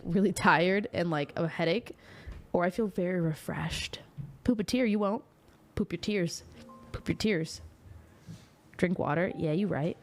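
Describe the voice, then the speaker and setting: A woman streamer chatting casually and jokingly with her live chat and reading out their messages into a desktop mic. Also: on the low side.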